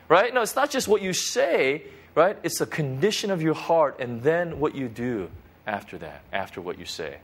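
A man's voice: a little high, lively intonation, fast. Man preaching casually, full of "right?". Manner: conversational, frequent "you know" and "right?" tags. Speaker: pastor. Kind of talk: informal devotional teaching.

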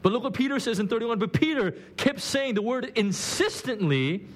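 A man's voice: very high-pitched, lively intonation, normal speed, few pauses. A man preaching a sermon in a conversational way, acting out the quoted lines with big swings in his voice. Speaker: pastor.

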